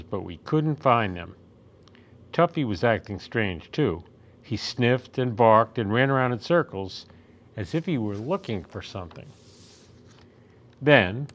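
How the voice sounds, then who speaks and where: Man reading a picture book aloud. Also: medium pitch. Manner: gentle, expressive storytelling. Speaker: storytime reader.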